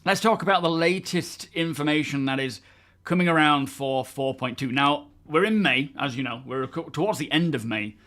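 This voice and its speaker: A man's voice: on the high side, normal speed, a bit bright. A man from England hosting a casual live stream, chatting loosely and answering viewers by name. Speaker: livestream host.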